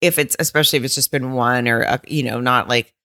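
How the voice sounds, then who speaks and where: A woman's voice: rumbling low, steady tone, quick pace, bright, forceful tone, no room sound, studio quality. A woman co-hosting a podcast, chatting casually, blunt and rambling, swearing freely. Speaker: podcast co-host. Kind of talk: casual chat.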